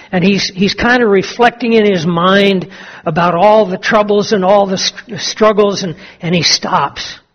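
A man preaching a sermon, telling a story and then drawing slow, emphatic lessons from it. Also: high-pitched, muffled recording. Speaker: pastor.

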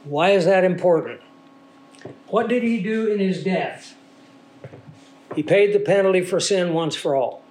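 A man preaching a sermon in a somewhat higher-than-usual voice, leading his listeners along with rhetorical questions. He sounds a little congested and stuffy. His delivery is the steady, explaining tone of a teacher. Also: unhurried, long pauses. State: congested from a sinus infection. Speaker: pastor.

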